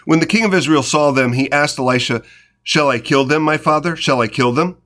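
A man reading scripture aloud in an unhurried, reflective way, pausing for short spontaneous comments and prayer. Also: on the high side, a bit bright. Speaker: devotional Bible reader. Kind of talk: scripture reading with devotional asides.

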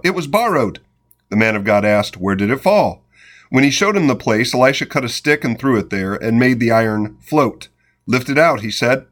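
A man reading scripture aloud in an unhurried, reflective way, pausing for short spontaneous comments and prayer. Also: mid-range voice, a bit bright. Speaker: devotional Bible reader. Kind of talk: scripture reading with devotional asides.

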